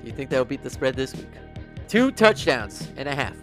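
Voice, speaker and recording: A man's voice: medium pitch, sing-song, moderate pace, a bit bright, faint music behind. A man co-hosting a casual sports podcast, reading out betting lines and teasing his co-host.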